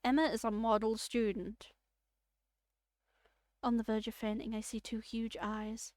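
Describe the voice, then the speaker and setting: Animated streamer woman reading a spooky story. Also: a little high, normal speed, dry recording, studio quality. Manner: animated, joking, bursts into loud outbursts and laughter. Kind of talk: reading a story game aloud with reactions.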